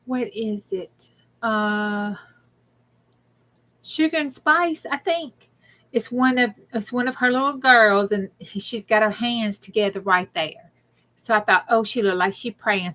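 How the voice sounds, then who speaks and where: A middle-aged woman with a drawl chats casually as she crafts on a livestream. Her talk rambles in a folksy way, and she stops to greet viewers by name. Her voice sits at an ordinary middle pitch. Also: a bit bright. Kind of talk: casual chat while crafting.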